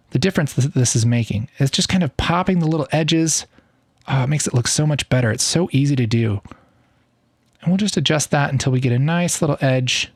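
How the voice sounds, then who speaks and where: Easygoing, enthusiastic male tutor in his thirties, mid-pitched voice, dry close-mic recording. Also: no room sound. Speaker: video editing tutor. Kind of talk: casual screen-recorded tutorial.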